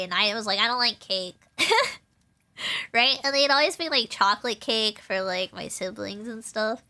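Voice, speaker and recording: A woman's voice: a little high, bright, forceful tone. A young woman streaming, chatting casually in a bubbly, rambling way, getting teary and giggling. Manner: bubbly, giggly, rambling with many likes and ums. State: teary, emotional. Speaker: VTuber streamer.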